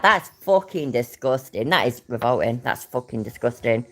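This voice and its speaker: A woman's voice: rumbling low, lively intonation, normal speed, fairly bright tone. A woman with a British accent, hosting her own channel, reading out a news story and reacting to a clip with blunt, sarcastic comments and plenty of swearing. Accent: British English.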